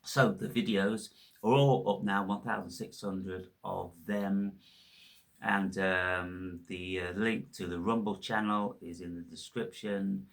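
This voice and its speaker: A man's voice: low-pitched, fairly even intonation, slow, vocal fry. Profane, scornful man ranting. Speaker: channel host. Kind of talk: ranting video monologue.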